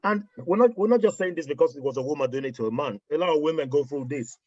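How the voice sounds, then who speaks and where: A man with a Nigerian accent chats casually in a fast, fairly high voice, telling stories with animated energy and sprinkling in pidgin phrases. The recording is dry and muffled.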